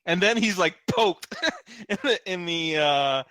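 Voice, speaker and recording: A man narrating as game master in a casual tabletop session, animated and often laughing. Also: high-pitched, a little slow, no room sound. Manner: animated, laughing, loose with fillers.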